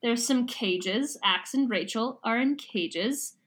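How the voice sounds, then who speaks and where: A woman's voice: on the high side, slow. Giggly young woman podcast co-host. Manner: animated, giggly, retells scenes in voices. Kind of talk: casual book discussion.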